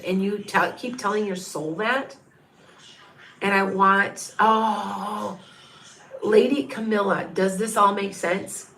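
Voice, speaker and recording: A woman's voice: medium pitch, fairly even intonation, slow pace, creaky, fairly bright tone, a little hiss or hum. A middle-aged woman giving psychic readings on a live stream, rambling and repeating herself as she thinks aloud and reads out viewers' names. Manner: reads out viewer names and counts under her breath. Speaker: psychic reader on a livestream.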